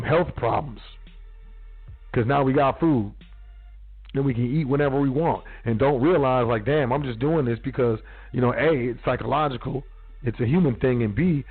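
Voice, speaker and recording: On a phone-quality radio line with faint music, a man hosts a casual solo talk show, bluntly lecturing listeners with street slang and profanity. His voice is medium-pitched and slightly rough.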